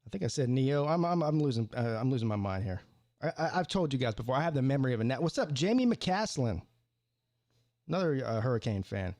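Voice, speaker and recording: A man's voice: mid-range voice, expressive, fast, darkish tone, no echo. A man hosting a live sports call-in stream, rambling casually with stammered restarts and repeated words.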